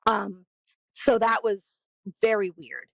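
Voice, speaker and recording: A woman from New Jersey, co-hosting a podcast, tells stories in a casual, animated way and acts out what people said. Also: mid-range voice, takes it slowly, dry recording. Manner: animated storyteller, acts out quotes. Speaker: podcast co-host. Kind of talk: casual chat. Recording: dull, dry lo-fi sound.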